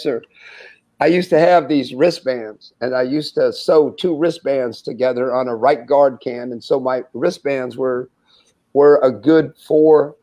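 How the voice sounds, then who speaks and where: A man in his sixties, a former college basketball player, telling stories in an interview and acting out the dialogue with laughter. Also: medium pitch. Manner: animated storyteller who acts out quoted dialogue and laughs often. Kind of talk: anecdotal storytelling in an interview.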